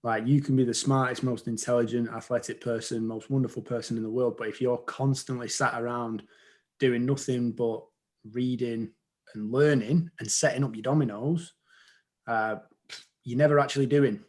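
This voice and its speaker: A man's voice: mid-range voice, steady tone, moderate pace, darkish tone. A man coaching in a group discussion, earnest and motivational, building his points in long lists. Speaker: performance coach.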